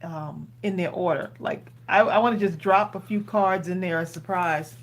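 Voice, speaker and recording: A woman's voice: fairly low pitch, moderate pace. Chatty woman with a slight New York accent. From Long Island, New York. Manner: chatty, laughs often, says y'all. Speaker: co-host crafter. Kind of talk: casual live-stream chat while crafting.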